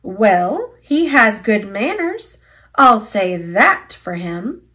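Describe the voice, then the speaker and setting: A woman voicing a brisk, fierce older housekeeper in a storybook, stern but fond. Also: medium pitch, big pitch swings, fairly bright tone, exaggerated voice.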